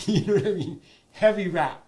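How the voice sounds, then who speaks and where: An older man, a guest elder and artist telling stories in a live panel conversation, animated and laughing between points. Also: sits high, moderate pace. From Hawaii.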